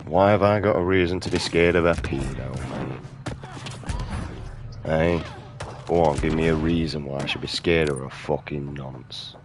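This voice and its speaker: A man's voice: rumbling low, moderate pace, background noise. A British man giving casual, profane, ranting commentary while playing a video game. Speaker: gaming streamer. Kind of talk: casual commentary over gameplay.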